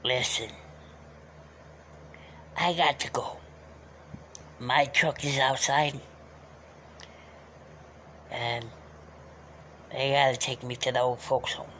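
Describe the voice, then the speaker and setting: A man putting on a bossy, quick-tempered old Italian uncle in a strained, scratchy voice during a live stream. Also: mid-range voice, steady tone, sharp tone. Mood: grumpy scolding. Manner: bossy, scolding, threatens and shoos people off. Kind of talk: live-stream character bit.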